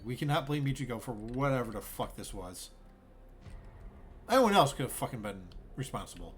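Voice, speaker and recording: A man with a mid-range voice streams a zoo-building game, wandering through bemused thoughts out loud and cursing without restraint. The casual gameplay commentary carries slight background noise.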